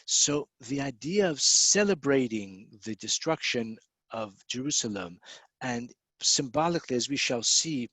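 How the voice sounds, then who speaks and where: An American man, perhaps middle-aged, giving a recorded Torah lecture, explaining patiently, spelling out terms and pausing with fillers. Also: medium pitch, fairly bright tone, no room sound. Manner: explanatory, spells out words, many fillers and restarts.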